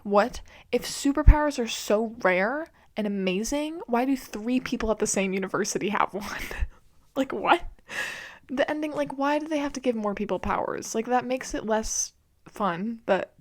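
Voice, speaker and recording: A woman's voice: a little high, expressive, measured pace. A woman hosting a podcast, ranting casually and with disbelief about a video game, laughing often and swearing freely. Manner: incredulous, exasperated, laughs often. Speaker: podcast host.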